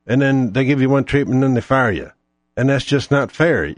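A man's voice: mid-range voice, fairly quick, no echo. Profane, sarcastic ranting man. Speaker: podcast host. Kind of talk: ranting solo monologue.

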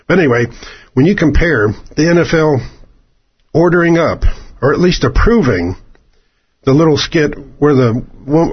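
A husky, slightly breathy male voice, mid-pitched, holding forth in a rambling, sarcastic radio monologue. The sound is dull and lo-fi, like an old broadcast, and he wanders off into asides as he talks. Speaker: radio commentator. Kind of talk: opinion monologue.

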